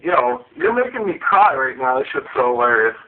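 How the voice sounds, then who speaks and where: A man's voice: medium pitch, sing-song, normal speed, creaky. Man roasting over tinny voice chat. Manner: crude mocking jokes, laughing at his own lines. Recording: tinny phone-like voice chat with faint noise.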